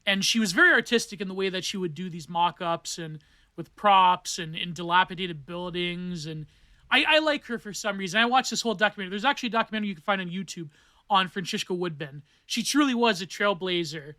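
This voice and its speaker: High, bright-voiced rambling man. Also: fast, dry recording. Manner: rambling, digressive, many fillers and self-corrections. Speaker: podcast host. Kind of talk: casual solo monologue on art theory.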